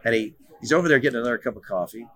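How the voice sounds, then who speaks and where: A man's voice: medium pitch, rapid-fire, a bit bright. A middle-aged man, a former pro soccer player, telling stories as a guest in a casual interview, often repeating words as he starts a sentence.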